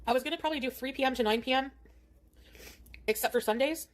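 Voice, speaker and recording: A woman's voice: sits high, quick pace. A middle-aged woman chatting on her own stream while eating, in a rambling way.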